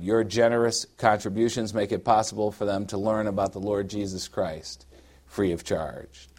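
A man speaking as a pastor, making formal church announcements and a call for the offering in a steady preaching cadence. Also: lowish voice.

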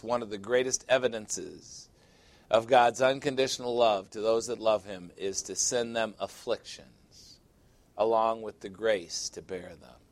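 A man pastor preaching an emphatic sermon, reading scripture aloud, commenting on it and speaking directly to his congregation. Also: fairly low pitch.

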